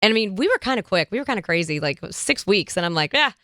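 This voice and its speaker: A woman hosting an interview podcast, telling lively anecdotes and mimicking the people in them. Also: medium pitch, fast talker, no echo, studio quality. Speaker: podcast host. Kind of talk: casual interview chat.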